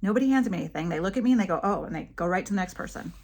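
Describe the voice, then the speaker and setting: A woman's voice: fairly low pitch, expressive, very fast, darkish tone. Chatty woman vlogging about her dystonia. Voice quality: head tremor from dystonia. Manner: chatty storytelling, acts out quoted voices. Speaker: vlogger with a movement disorder. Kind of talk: casual personal vlog.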